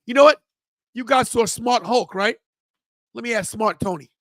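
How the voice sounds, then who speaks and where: A high-pitched man hosts a wrestling watch-party stream, booming mock outrage and swagger at his viewers. He talks close to the mic in a dry, deadened room. His delivery swings between showman bravado and scolding his chat. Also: moderate pace, a bit bright, no room sound. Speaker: podcast host. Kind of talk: livestream watch-party rant.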